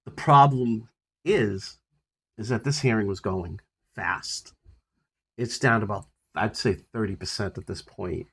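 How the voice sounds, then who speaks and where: An older man with a husky voice casually rambling about his health on a phone recording, full of fillers and restarts. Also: fairly low pitch, a little slow, a bit bright. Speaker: vlogger sharing his health journey. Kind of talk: casual personal update to camera.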